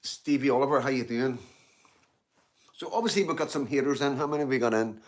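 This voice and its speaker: Here a Glasgow streamer talks fast in a medium-pitched voice, reading chat aloud in a relaxed live-stream style. His talk wanders and loops back on itself with plenty of "you know what I mean," broken up by bites of food and sips of tea.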